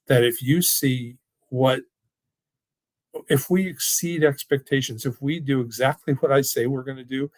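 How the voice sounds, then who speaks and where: Middle-aged guy pitching his finance firm on a video call, average pitch, keeps saying look, very dry sound. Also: a little mellow, no room sound. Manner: emphatic, with frequent restarts and repeated "look". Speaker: financial firm owner hosting a webinar. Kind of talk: casual, persuasive talk and Q&A answers. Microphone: video call mic.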